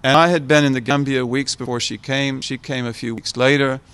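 An older American man giving an informal talk to a gathered audience. He speaks reflectively, circling back and repeating key words for emphasis. His voice sits at an ordinary middle pitch. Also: fairly even intonation, a little fast, fairly bright tone, clean tone. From United States. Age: 70s. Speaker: guest speaker, scholar.

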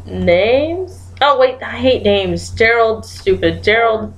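A woman's voice: a little high, expressive, slow. A woman casually commenting as she plays a guessing game, giggling and thinking aloud while she types her guesses. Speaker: gaming YouTuber.

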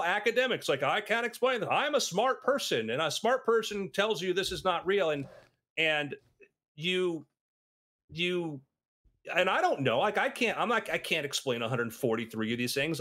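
A man in casual podcast chat, telling anecdotes and acting out the people he quotes. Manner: animated storyteller, acts out quotes with big pitch jumps.

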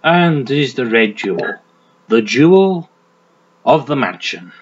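A gaming commentator delivers crude, joking let's play commentary, even talking to the game's character. His mid-range voice has big pitch swings, a measured pace and a breathy edge. The dull lo-fi mic also picks up the game music behind him.

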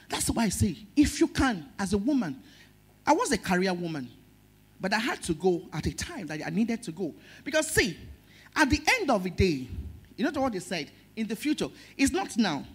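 In a husky, mid-range voice, a middle-aged woman with a Nigerian accent preaches as a pastor, full of emotion and alternating between forceful, loud stress and gentle, soft words.

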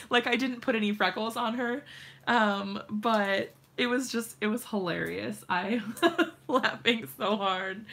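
Young woman, craft livestream host, chatty and giggly, slow delivery, some vocal fry. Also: fairly high pitch, fairly bright tone. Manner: giggly, chatty, laughs often. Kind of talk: casual live-stream chat while crafting.

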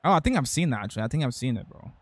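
A man's voice: mid-range voice, sing-song, racing, no room sound. A young man streaming a football video game, reacting in hyped slang and reading out chat messages. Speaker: gaming streamer. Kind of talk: live-stream gameplay commentary.

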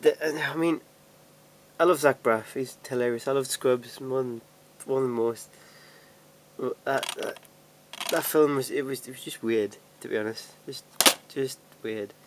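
A man's voice: medium pitch, a little slow, background noise. A young man rambling casually in a home vlog, chatty and self-deprecating, laughing often and restarting his sentences. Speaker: vlogger. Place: at home sorting DVDs.

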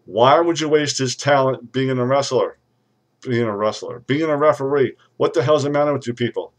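A man's voice: mid-range voice, normal speed, natural voice. A man playing a pompous, irate lawyer who rants and threatens to sue everyone, recorded on a webcam. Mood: ranting. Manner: ranting, threatening lawsuits, sudden shouts. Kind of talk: comedic webcam character rant.

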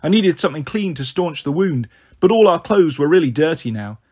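A man reading a children's novel aloud in a measured, earnest storytelling manner. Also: a little high, animated, a little mellow, slightly rough. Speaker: audiobook reader. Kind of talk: scripted narration of a children's novel.

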